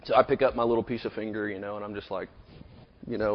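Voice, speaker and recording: A man in his thirties preaches in an auditorium, rambling casually through a personal story peppered with "you know." His voice is lowish and level, and he talks fast. The hall is echoey and the recording dull.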